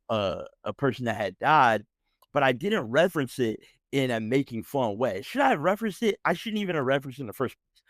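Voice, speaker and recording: A man's voice: medium pitch, dry recording, clean studio sound. A man hosting a podcast, telling a story as a heated, profane rant and often checking in with "right?". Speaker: podcast host. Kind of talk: ranting storytelling.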